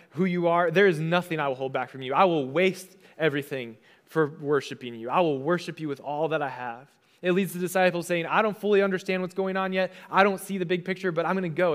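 A young adult man, a pastor, giving a conversational sermon and casually acting out the voices he quotes. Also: a little high.

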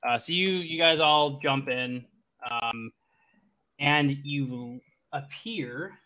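A man's voice: mid-range voice, takes it slowly, bright, forceful tone. A man narrating a tabletop game as game master, rambling with many restarts.

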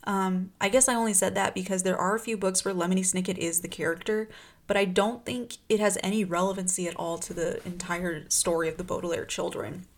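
A woman's voice: lowish voice, steady tone, fairly quick. A young adult woman talking casually about a book series, rambling and heated, full of filler words. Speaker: book vlogger.

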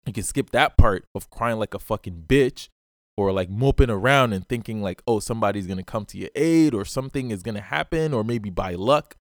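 A man's voice: on the low side, a little fast, no room sound, studio quality. A man hosting his own podcast, giving a blunt, profane motivational monologue and repeatedly calling the listener bro. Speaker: podcast host.

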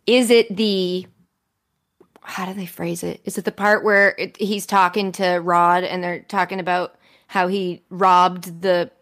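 A woman co-hosting a casual podcast about a movie, expressive, her voice leaping up when she quotes her own reactions. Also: a little slow, dry recording, studio quality. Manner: expressive, jumps to high pitch when quoting herself. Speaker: podcast co-host.

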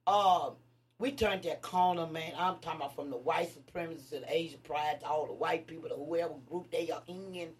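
A woman from Tennessee, a guest activist telling animated stories in casual chat, emphatic and laughing often. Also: deep voice, a little fast, distant mic, slight background noise. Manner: lively, emphatic, frequent laughter and rising exclamations.

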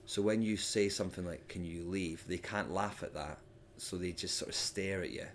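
Scottish comedian guest, lowish voice, casual storytelling with sudden shouted impressions. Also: male voice, moderate pace, a little hiss or hum. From Scotland. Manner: animated storyteller, mimics hecklers with loud sudden shouts. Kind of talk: casual podcast chat.

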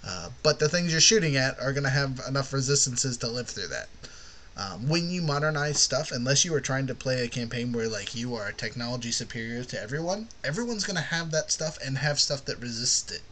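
Rambling man with a bright voice. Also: medium pitch, lively intonation, brisk, slight background noise. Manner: rambling, frequent "you know what I mean". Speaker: podcast host teaching worldbuilding. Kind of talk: casual podcast lesson.

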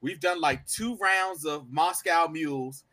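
Bright, high-voiced man telling a story. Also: measured pace. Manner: animated, laughing storyteller. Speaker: podcast co-host. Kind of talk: casual storytelling chat.

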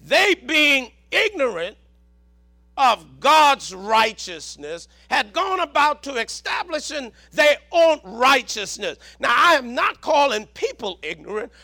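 Southern male preacher, very high gravelly voice, slow shouted sermon delivery. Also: sing-song. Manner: preaching with shouted emphasis and repeated words.

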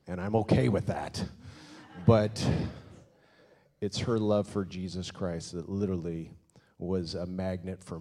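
A man on a church stage introducing his wife, a pastor, before her sermon, speaking of her with admiration. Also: low voice. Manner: warm, admiring, plain-spoken.

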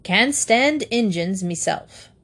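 Woman putting on a gruff old admiral. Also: lively intonation, slow pace, a bit bright. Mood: bellowing. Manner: booming seafaring bark, dropped g's. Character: gruff old male sea admiral, blustering.

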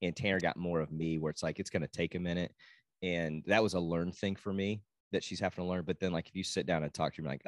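Speaking fast in a deep voice, a dad on a podcast swaps casual stories about his children, voicing the lines people said as he goes. He's an animated storyteller, and the recording is dry.

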